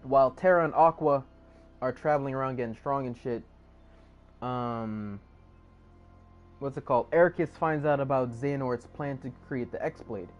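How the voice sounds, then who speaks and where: A man's voice: mid-range voice, moderate pace, pauses often, muffled recording, faint music behind. A man streaming live, recapping a story casually in slangy, profane, rambling talk. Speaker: livestreamer.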